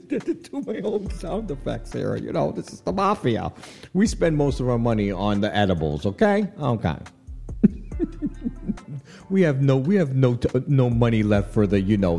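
A man's voice: mid-range voice, a little slow, pauses often, faint music behind. A man hosting a radio show, chatting casually and laughing often as he riffs on a celebrity breakup. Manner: animated, chatty, laughs often, frequent "you know what I'm saying". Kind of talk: casual on-air commentary. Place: radio studio.

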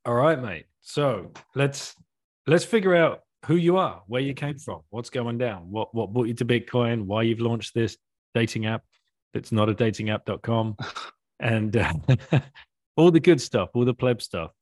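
A man's voice: mid-range voice, animated, a little slow, a little mellow, dry recording, clean studio sound. Laid-back male podcast host. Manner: laid-back, laughing, matey. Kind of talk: casual chat.

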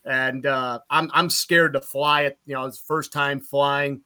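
A middle-aged man, a play-by-play broadcaster from upstate New York, telling road stories in casual podcast chat, animated and loud at punchlines. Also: mid-range voice, measured pace, clear, resonant tone. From Utica, New York.

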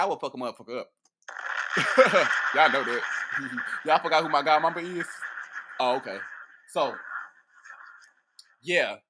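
A man with a bright, forward voice talks loosely and profanely, answering viewer questions as a priest. His delivery is playful and animated, full of laughter and stumbling restarts. He keeps it casual and mid-pitched. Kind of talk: casual chat.

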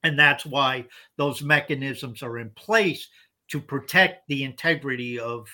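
A man's voice: medium pitch, a little slow, sharp tone. A man co-hosting a casual podcast, explaining points emphatically and often repeating words as he restarts. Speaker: podcast co-host.

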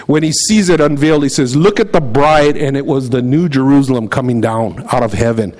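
A man's voice: mid-range voice, brisk, darkish tone, poor audio. A middle-aged man preaching a conversational sermon, reading scripture aloud and telling stories with animation. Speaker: pastor.

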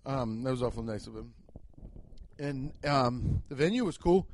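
A young man rambling through a casual, profane podcast monologue as a comedian, telling jokey stories with sudden jumps in pitch. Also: animated, normal speed, darkish tone.

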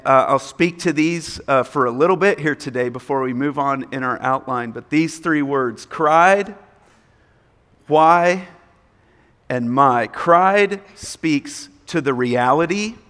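Male preacher, emphatic sermon delivery, higher-pitched, reverberant hall sound. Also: slow, a bit bright. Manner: earnest, emphatic preaching with repeated points. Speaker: pastor.

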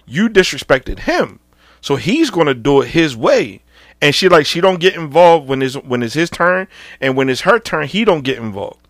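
A man telling childhood stories in casual, profane banter, getting loud and animated as he goes. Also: on the high side, no room sound, clean studio sound. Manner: animated, profane, cracks up mid-story. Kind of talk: casual storytelling chat.

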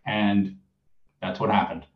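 A man's voice: lowish voice, steady tone, takes it slowly. Earnest guy rambling a bit on a panel, echoey and kinda muffled. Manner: earnest, emotional, long-winded. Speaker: owner of a behavior analysis clinic. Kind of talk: panel discussion.

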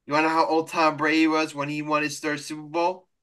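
Man, sports podcast co-host, casual debate, emphatic, repeats himself, somewhat high voice, bright sharp tone. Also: little pitch movement, fast talker, clean tone. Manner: emphatic, repeats and restarts phrases.

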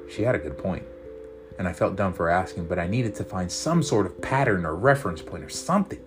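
Deep, low male story reader; relaxed, casual delivery; guitar bed. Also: fairly quick. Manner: relaxed, with fillers. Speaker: podcast host and story reader. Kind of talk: reading a serialized story aloud. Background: guitar music.

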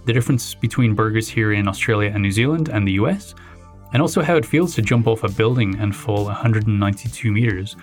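A man hosting a podcast, chatting in an easygoing, playful way. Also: fairly low pitch. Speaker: podcast host. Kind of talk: casual chat.

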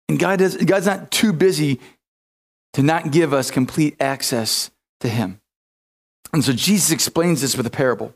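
A man's voice: a little high, moderate pace. A man preaching a sermon, telling stories with energy, acting out quotes and often restarting his sentences. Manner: animated storytelling with repeated restarts and acted quotes. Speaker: pastor.

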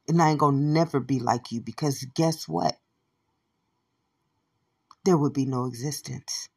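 A woman delivering a profane, repetitive monologue, shouting at times and muttering low at others. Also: breathy edge. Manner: swears constantly, repeats phrases, swings from shouting to low mutters.

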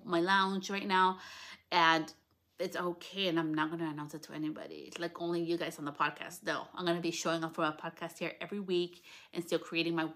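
A woman in her thirties talks straight into the mic on her own podcast, candid and unfiltered, with the odd swear. Her voice sits a little low but rings bright and forceful, and it leaps up whenever excitement takes over. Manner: candid and excitable, swears freely, pitch jumps up when excited. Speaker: podcast host. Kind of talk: casual solo podcast monologue. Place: lounge at home.

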